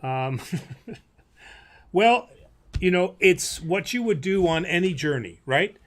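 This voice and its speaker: Priest host for a live Q&A, slightly high voice, animated and preachy, wry humor. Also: male voice, slow pace. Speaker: priest host answering viewer questions. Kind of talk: live-stream Q&A chat.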